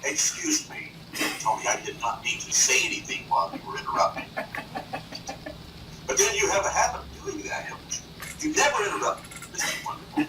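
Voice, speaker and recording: Male talk show guest, brash and bragging, higher pitch, very lively delivery; echoey distant studio sound. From North Carolina. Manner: boastful, animated, does quick impressions. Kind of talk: boastful chat. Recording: echoey room, off-mic, noisy.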